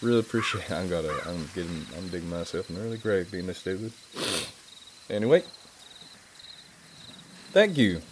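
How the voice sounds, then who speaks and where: This man's put-on Southern good-old-boy voice is low, pitched below his own, and animated at a moderate pace with frequent pauses. As a livestream host he chats casually and playfully with viewers, poking fun at himself over background noise.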